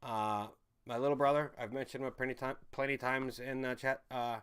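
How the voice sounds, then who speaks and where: Male streamer, mid-pitched, rambling, profane, laughs a lot while reading chat. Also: flat delivery, moderate pace, fairly bright tone, clean tone. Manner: rambling, swears freely, laughs often. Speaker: livestream host reading viewer chat. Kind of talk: casual rambling livestream chat. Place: home in a city.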